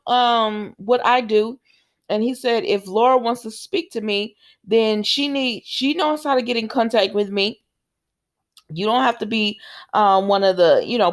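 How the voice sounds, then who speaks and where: A woman recapping a soap opera episode in a casual, chatty way, often saying "um" and "you know" and bouncing her voice up high for the characters' lines. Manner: chatty retelling, acts out quotes with big pitch jumps; says "um" and "you know" a lot. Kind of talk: casual chat.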